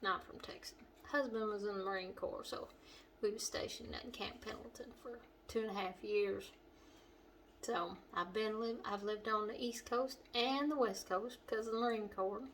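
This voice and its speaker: A middle-aged woman with a western Kentucky accent, hosting a home cooking demonstration in her kitchen and chatting warmly to the viewer. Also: mid-range voice, fairly even intonation, moderate pace, a little hiss or hum. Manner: homey and chatty, talking straight to the viewer. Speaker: cooking show host.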